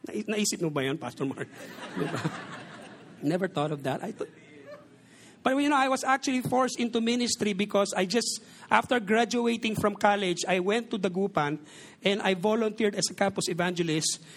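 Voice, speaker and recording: Pastor, forties, Filipino accent, gravelly voice, humorous sermon delivery with Tagalog-English mixing. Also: male voice, sits high, normal speed. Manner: joking, mixes Tagalog and English.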